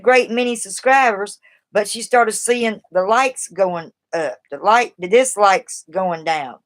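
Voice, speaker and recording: A woman from the East Coast with a Southern accent, chatting casually and rambling on a live stream as she gives advice to her viewers. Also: mid-range voice.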